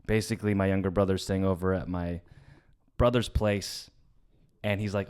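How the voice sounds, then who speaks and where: A young adult man co-hosting a comedy podcast, telling a family story in casual chat, swearing often and trailing off softly. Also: sits low, fairly even intonation, moderate pace, clean tone. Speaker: podcast co-host.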